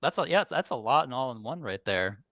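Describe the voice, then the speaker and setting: A man hosting an interview, mostly giving short, slow reactions to his guest. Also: medium pitch, lively intonation, a bit bright, no echo, clean studio sound. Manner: slow, brief affirmations. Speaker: host. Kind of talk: interview listening and responding.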